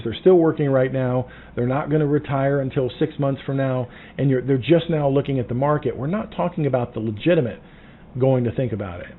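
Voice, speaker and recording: Emphatic sales trainer, tinny sound. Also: male voice. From Southern United States. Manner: emphatic, drops to a low hush for key points. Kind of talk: casual teaching monologue. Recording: tinny phone-like sound with faint noise.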